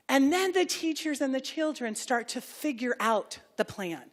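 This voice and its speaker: A woman's voice: high-pitched, expressive, moderate pace, few pauses. A woman giving a talk as a preschool director, telling a story and acting out the voices of the people she quotes. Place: public hall.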